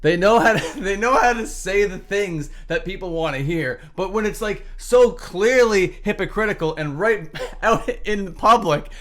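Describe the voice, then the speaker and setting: A man's voice: high-pitched, animated, a little slow, fairly bright tone. A young man hosting a reaction commentary, talking in a sarcastic, exasperated way, swearing often and laughing in disbelief. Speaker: commentary channel host.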